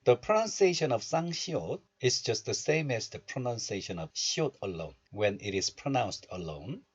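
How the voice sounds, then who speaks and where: A man teaching Korean pronunciation in a recorded lesson. He explains step by step and repeats syllables slowly for learners. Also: lowish voice, slightly rough, muffled recording.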